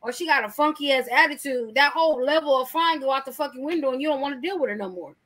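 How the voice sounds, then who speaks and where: Woman podcast host, high sharp voice, blunt and profane. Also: quick pace. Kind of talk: casual podcast chat.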